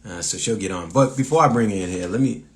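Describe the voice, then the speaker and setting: A man's voice: lowish voice, fast talker, slight background noise. A man from Massachusetts with a local accent, a comedian hosting a casual live stream, rambling with lots of fillers and restarts as he reads viewer comments aloud.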